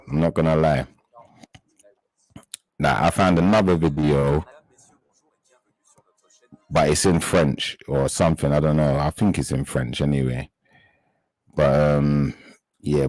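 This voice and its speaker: A man hosting a live stream chat, talking straight to his viewers in an indignant, halting way and often reaching for words. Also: a bass voice, a little mellow, dry recording, rough recording.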